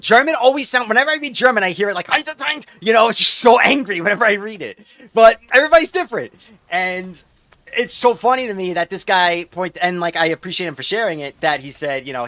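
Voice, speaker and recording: Chatty streamer guy rambling to his viewers, bright sharp voice, kinda high. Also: dry recording. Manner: rambling, loose and chatty with many fillers. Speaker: game streamer. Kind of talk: casual chat while gaming, reading viewer chat aloud.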